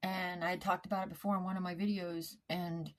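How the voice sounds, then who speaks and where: A woman's voice: fairly low pitch, level tone, fairly quick. A woman vlogger telling a story to her camera in a casual, rambling way, often stopping and restarting her words. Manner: plain-spoken, cusses when upset.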